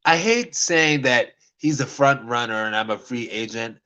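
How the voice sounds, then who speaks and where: A man vlogging to camera, telling a personal dating story in a rambling way, stammering and restarting often and dropping into quiet murmured asides. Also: medium pitch, moderate pace, clear, resonant tone, poor audio. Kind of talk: casual talk to camera.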